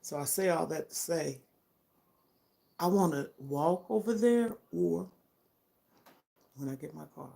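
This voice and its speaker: A woman's voice: sits low, measured pace, vocal fry, dark tone. An older woman talking to her vlog audience in a heartfelt, emphatic way, often checking in with her listeners. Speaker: vlogger. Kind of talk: casual personal vlog chat.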